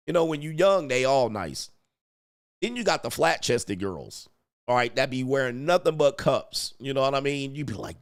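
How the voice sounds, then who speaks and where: A man's voice: medium pitch, gravelly. A man hosting a show, telling crude comedic stories in heavy slang and acting out quotes. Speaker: podcast host. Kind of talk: crude comedic riffing to a live chat.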